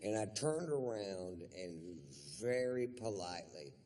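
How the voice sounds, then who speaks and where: A man doing stand-up comedy on a live stage, telling a story in a drawling, deadpan, profane way. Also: fairly low pitch, takes it slowly. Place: live theater stage before an audience.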